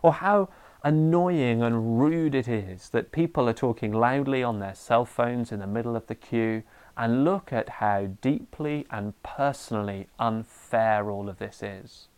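A middle-aged man delivers a sermon in an animated way. His pitch sits in a middling range for a man, and at times he acts out a ranting parent. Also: measured pace, clear, resonant tone. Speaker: preacher.

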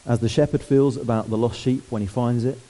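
A man preaching a sermon, lively and conversational, asking the congregation questions. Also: mid-range voice, fairly quick, poor audio.

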